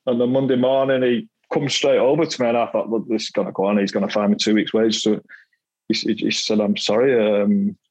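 In a rough recording, a middle-aged Mancunian podcast guest who used to play football jokes at his own expense about his playing days, laughing a lot and repeating words. His mid-range voice is fast and a little mellow, with little movement in pitch.

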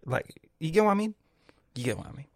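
A man ranting loudly and profanely in a stand-up style, often stammering and restarting. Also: fairly high pitch, big pitch swings, fast, creaky. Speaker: comedian.

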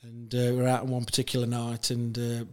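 Guest voice: man, flat delivery, rambling storyteller with lots of fillers. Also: medium pitch, fast talker. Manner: rambling, many fillers and restarts, laughs while telling stories. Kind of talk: casual chat, telling anecdotes.

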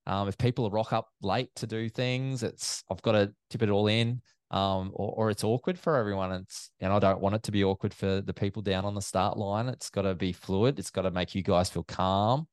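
Chatty Aussie event MC, dry sound. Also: male voice, fairly low pitch, moderate pace, few pauses, clean tone, no room sound. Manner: lively storyteller, many fillers and restarts. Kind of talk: casual interview chat.

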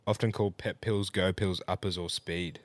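A man's voice: low voice, steady tone, normal speed, dry recording. A man co-hosting a podcast in an easygoing, casual way. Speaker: podcast co-host. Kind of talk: casual banter.

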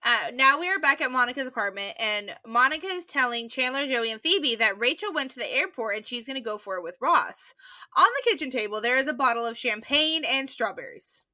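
A woman's voice: sits high, lively intonation, brisk, sharp tone. A young woman co-hosting a podcast, recapping a sitcom episode in casual chat and laughing often as she goes. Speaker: podcast co-host.

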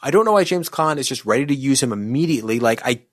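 Male podcast co-host, wry and exasperated, stammers into points, mid-pitch voice, dry close mic. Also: expressive, fast, no echo. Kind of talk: casual movie review chat.

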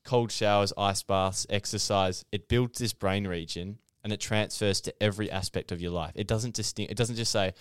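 Young guy on a podcast, low smooth voice, earnest and explaining stuff, dry close mic. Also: fairly even intonation, no room sound. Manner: earnest, explanatory, fast in bursts. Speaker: podcast co-host. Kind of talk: casual podcast chat.

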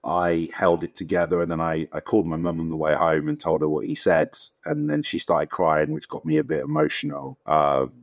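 A man in his thirties with a London accent, telling lively anecdotes as a guest on an interview podcast, acting out what others said. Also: a little fast, vocal fry, hardly any pauses, no echo, clean studio sound. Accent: London English. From England. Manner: animated storyteller, acts out quotes with jumps in pitch. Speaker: guest actor.

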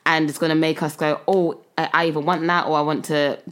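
A woman's voice: low-pitched, flat delivery, a little fast, a bit bright. A young woman, hosting a casual podcast chat and rambling with many fillers and restarts. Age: young adult. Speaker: podcast host.

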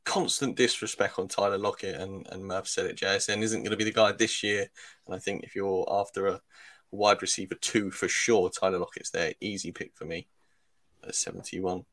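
A laid-back British man with a fairly low voice, co-hosting a fantasy football show. He chats casually with a dry, joking manner and often trails off softly. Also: flat delivery, moderate pace. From Britain. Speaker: fantasy football podcast co-host. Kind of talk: casual sports chat.

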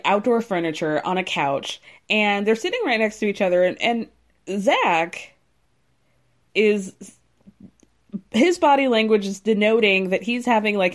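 A woman recapping a reality show in casual chat, animated and laughing often as she acts out quotes. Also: medium pitch.

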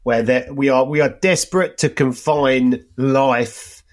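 A man's voice: mid-range voice, steady tone, a little slow. A man in a casual podcast chat, talking emphatically and often saying "mate" and "you know".

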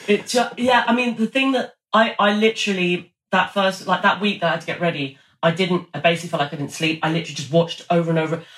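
A young woman, an actress, chatting in an interview in an animated way, with quick restarts and acted-out quotes. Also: on the low side. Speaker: actress guest. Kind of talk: casual interview chat. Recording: echoey room.

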